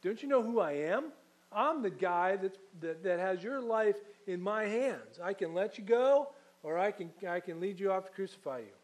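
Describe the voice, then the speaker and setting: Indignant, blustering Roman governor, put on by a male preacher mid-sermon, pitched up high and demanding to know who he is talking to. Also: expressive, moderate pace. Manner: blustering, demanding, self-important. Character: indignant arrogant Roman governor, adult man. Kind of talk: dramatized scripture reading in a sermon.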